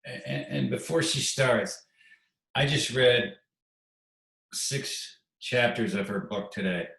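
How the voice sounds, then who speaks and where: A man's voice: mid-range voice, slow pace, gravelly, fairly bright tone, distant mic. A middle-aged man, a military veteran and podcast guest, talking in a heartfelt, rambling way and repeating himself. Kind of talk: podcast interview. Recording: echoey room, off-mic.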